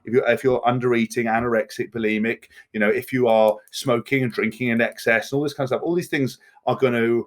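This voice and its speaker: A man in his thirties from England, guesting on a podcast. He talks fast and bluntly, swears freely, and tumbles from one point to the next. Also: medium pitch, steady tone. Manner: blunt, profane, fast-talking. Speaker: podcast guest, former rugby player. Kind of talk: candid podcast conversation.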